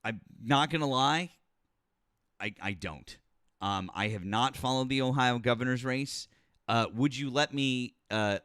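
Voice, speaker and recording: A man's voice: fairly low pitch, fairly bright tone, clear, resonant tone, dry recording, studio quality. A man hosting a live call-in politics stream, arguing with callers in a blunt, sarcastic and profane way, then reading viewer messages. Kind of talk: heated live call-in debate.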